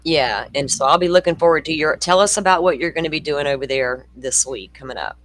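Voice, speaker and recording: A man's voice: on the high side, fast, fairly bright tone, no echo, rough recording. A man hosting a true-crime livestream in loose, rambling casual chat. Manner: loose, rambling, friendly, many fillers. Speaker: livestream host.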